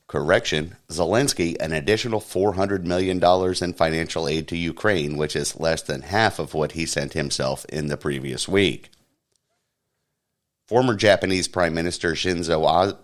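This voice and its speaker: A man hosting a podcast, reading a satirical news roundup in a deadpan newsreader manner. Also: deep voice. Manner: deadpan mock newsreader, puts on silly voices for quotes. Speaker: podcast host.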